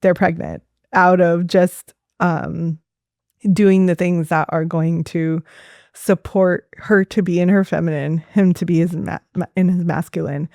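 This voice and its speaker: A woman, a fertility doctor, telling stories in a casual interview, lively and laughing often, with many fillers. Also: fairly low pitch, unhurried, vocal fry, no room sound, clean studio sound. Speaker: fertility doctor as podcast guest.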